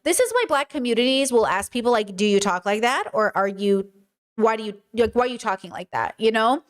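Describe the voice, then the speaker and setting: A young woman hosting a casual livestream, talking in an animated, chatty way and slipping into mimicked voices. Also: on the high side, a little fast. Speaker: livestream host.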